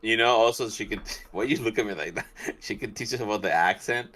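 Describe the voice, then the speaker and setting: A man's voice: lowish voice, brisk, a bit bright. A man co-hosting a podcast in casual chat, rambling and restarting his sentences eagerly. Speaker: podcast co-host.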